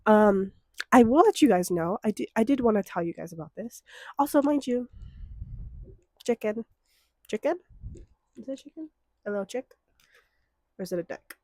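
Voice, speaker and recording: A young woman in her twenties chatting casually to her viewers, swearing freely and slipping into mock-outraged rants between relaxed stretches. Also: mid-range voice, a little fast, no echo, clean studio sound. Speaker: vlogger. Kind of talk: casual chat to camera.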